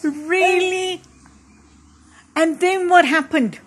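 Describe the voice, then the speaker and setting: A woman speaks in very high, doting baby talk to a small child. She draws her words out slowly and coaxes in a sing-song way. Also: a little hiss or hum. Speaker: caregiver talking to a baby.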